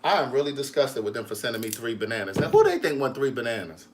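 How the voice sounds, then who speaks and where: A man's voice: mid-range voice, very animated, fast talker, background noise. A man in his home kitchen chatting casually through a how-to, sassy and teasing, calling the viewer niece and girl. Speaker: vlogger and writer.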